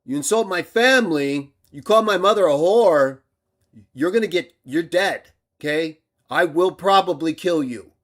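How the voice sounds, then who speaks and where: A man hosting a livestream, delivering an aggressive rant that swings between loud outbursts and low muttering. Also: animated, unhurried. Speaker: livestream host.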